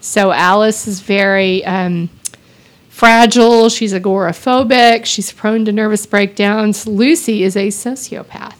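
A woman's voice: medium pitch, fairly even intonation, measured pace. A woman from Texas with a light Texan drawl, chatting casually on a podcast and laughing often. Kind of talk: casual chat.

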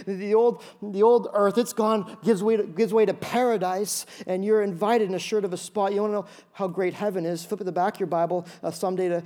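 A male pastor preaching a sermon, telling stories in an animated way with many quick restarts. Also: high voice.

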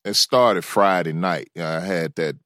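A man's voice: low voice, unhurried, a bit bright, dry recording, clean studio sound. A man co-hosting a casual radio show, telling stories in a laid-back way with lots of swearing and hesitant fillers. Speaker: radio co-host.

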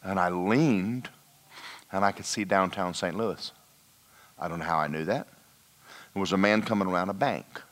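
A man preaching a sermon in a church, telling a personal story and dropping to a hushed voice for emphasis. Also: sits low, normal speed, long pauses. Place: church hall.

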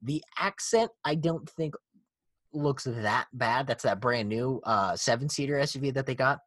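A man's voice: mid-range voice, moderate pace, no room sound. A man hosting a casual car podcast, swearing and laughing as he rants. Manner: profane, animated, laughing ranter. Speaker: podcast host.

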